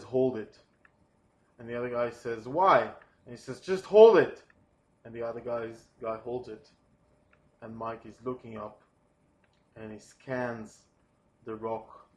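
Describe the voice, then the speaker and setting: A man whose first language is not English, pitching a film scene in a hesitant, soft-spoken way with many pauses. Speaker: storyboard artist pitching a film. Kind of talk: informal pitch narration.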